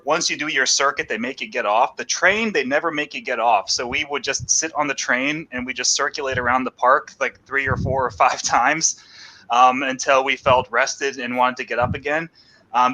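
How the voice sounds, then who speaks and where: A man's voice: mid-range voice, sharp tone, low-quality recording. A man co-hosting a casual chat, telling rambling stories and laughing as he goes. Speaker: podcast co-host.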